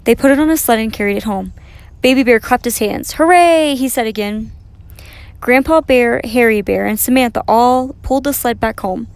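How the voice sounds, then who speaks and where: A woman reading a children's picture book aloud in a gentle, expressive way. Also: a little high, normal speed, vocal fry, no room sound. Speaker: storyteller. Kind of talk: children's story read aloud.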